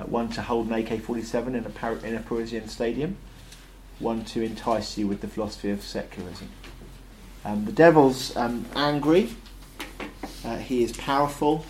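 A man's voice: on the low side, slight background noise. A man giving a conversational sermon full of ums and uhs. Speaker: preacher.

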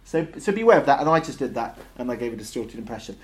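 A man's voice: mid-range voice, big pitch swings, quick pace. A man giving a conversational sermon full of ums and uhs. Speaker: preacher.

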